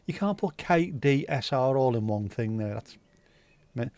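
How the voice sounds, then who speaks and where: A man's voice: medium pitch, a little slow, a little mellow, no room sound. A man hosting a casual livestream, chatting loosely, swearing and rambling as he reads viewer comments. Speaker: livestream host.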